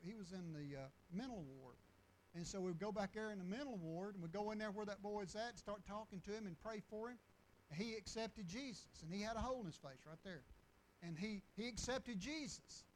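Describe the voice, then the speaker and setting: A man preaching in a loose, storytelling style. His voice sits high for a man, and he circles back over his words with restarts and chuckles. A faint hum of ambience sits behind him. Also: fast, poor audio. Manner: folksy, rambling with restarts and chuckles. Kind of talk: storytelling sermon.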